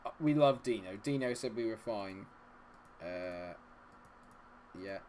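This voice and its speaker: Excitable man hosting a game livestream. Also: lowish voice, slow pace, slight background noise. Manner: excitable, cheers loudly at the game. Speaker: gaming livestream host. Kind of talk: live gameplay commentary and chat reading.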